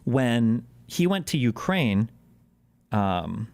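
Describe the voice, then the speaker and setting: A man's voice: medium pitch, very animated, vocal fry, darkish tone, dry recording. Male streamer, casual political rant, sarcastic and swearing, dry close mic. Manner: profane, fast-shifting, sarcastic. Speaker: streamer reacting to clips.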